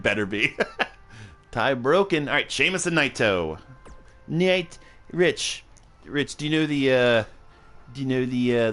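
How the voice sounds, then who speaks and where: A man hosts a livestream, casually commentating a video game match; he rambles, jokes, swears, and laughs often, sounding a little tipsy and punchy. His voice is medium-pitched and a bit bright.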